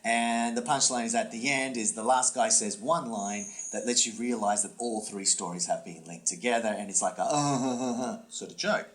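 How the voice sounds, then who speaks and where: Animated male comedian storyteller. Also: normal speed, few pauses. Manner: animated storyteller, swooping pitch, lots of fillers and restarts. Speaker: podcast co-host and comedy workshop instructor. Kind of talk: casual podcast chat, storytelling.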